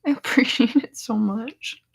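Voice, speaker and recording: Young woman, worn out and half-whispering, slow and gravelly in a casual live chat. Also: a little high. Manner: soft, half-whispered and emotional, laughing often. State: worn out after a seizure. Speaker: vlogger hosting a live chat.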